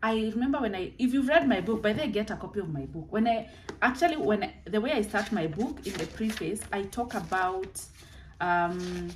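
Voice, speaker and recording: A woman's voice: medium pitch, a little hiss or hum, low-quality recording. Earnest woman, motivational coach. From Kenya. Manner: earnest, heartfelt, repeats phrases for emphasis. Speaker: life coach. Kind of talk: motivational vlog talk.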